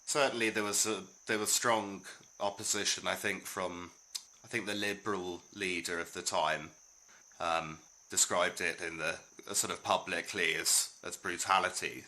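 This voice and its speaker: Deep-voiced, hesitant male podcast host. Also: bright, forceful tone, poor audio. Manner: hesitant, many fillers and restarts. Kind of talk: casual history chat.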